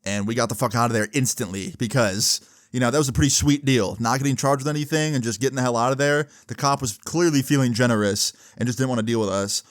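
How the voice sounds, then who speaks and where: A man's voice: medium pitch, quick pace, no echo, studio quality. Swearing man telling a story. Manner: animated, swearing, conversational. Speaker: storytime YouTuber. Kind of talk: casual storytelling vlog.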